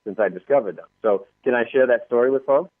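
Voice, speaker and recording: A man's voice: medium pitch, fast, no echo. A male author as an interview guest, telling stories animatedly and acting out the voices of people he quotes. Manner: lively, acts out quoted voices, laughs often. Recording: dry phone-line sound.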